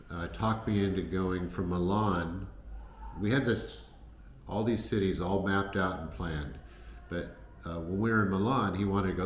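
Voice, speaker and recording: A man casually telling travel stories to the camera, rambling with many fillers and restarts. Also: sits low. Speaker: travel vlogger. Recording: echoey room with faint noise.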